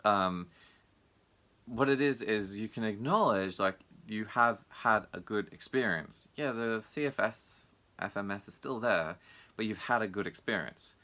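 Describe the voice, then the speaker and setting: In a relaxed, reflective video diary, a male martial arts instructor mimics what others have said, raising his voice for their lines. He speaks unhurriedly in a lowish voice that sounds pushed and bright.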